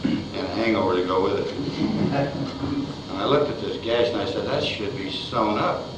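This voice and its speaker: A man's voice: lowish voice, moderate pace. Older man telling chuckling anecdotes, echoey. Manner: chuckling, rambling storyteller with restarts. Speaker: film director recalling old Westerns. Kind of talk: anecdotal storytelling in an interview. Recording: echoey room, far mic, background noise.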